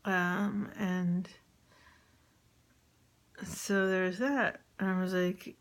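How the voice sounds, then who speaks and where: A woman with a somewhat low voice talks through a casual spoken diary for her partner. She pauses often on fillers and slips into hushed, whispered stretches as she goes. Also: flat delivery. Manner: hesitant, with many fillers, often dropping to a whisper. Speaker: mother recording a message to her partner.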